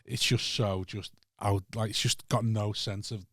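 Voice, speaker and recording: A man's voice: fairly low pitch, steady tone, fairly bright tone, no echo, studio quality. A man hosting a casual podcast chat, chatty and sweary. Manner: sweary, chatty, quick to back-channel. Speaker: podcast host.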